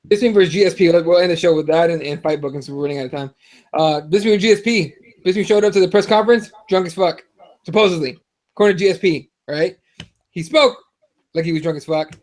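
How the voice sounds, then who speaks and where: A man's voice: a little high, fairly quick, pauses often, darkish tone. A man hosting a sports podcast in casual, profane, joking chat. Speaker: podcast host.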